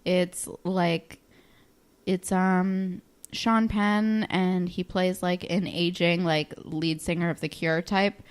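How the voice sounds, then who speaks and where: A young woman co-hosting a podcast, chatting quickly and casually. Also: on the low side, fairly even intonation, smooth. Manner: quick, chatty, laughs easily. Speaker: podcast co-host. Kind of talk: casual chat.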